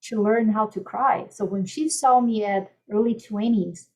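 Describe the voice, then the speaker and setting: A woman life coach speaking gently and soothingly in a podcast interview, softly repeating calming mantras. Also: mid-range voice, unhurried, low-quality recording.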